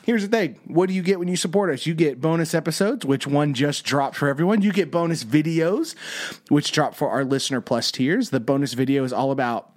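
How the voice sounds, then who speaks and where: A man's voice: fairly high pitch, a little fast. A man hosting a podcast, telling stories in a rambling, enthusiastic way. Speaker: podcast host. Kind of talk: casual podcast chat.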